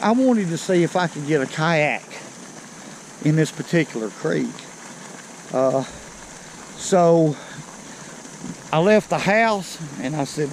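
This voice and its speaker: A man's voice: fairly high pitch, animated, slow pace, pauses often, slight background noise, poor audio. An older man, chatting folksily to his viewers while fishing on a creek bank outdoors, a bit out of breath. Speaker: fishing vlogger. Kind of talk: casual outdoor vlog. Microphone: body-worn camera.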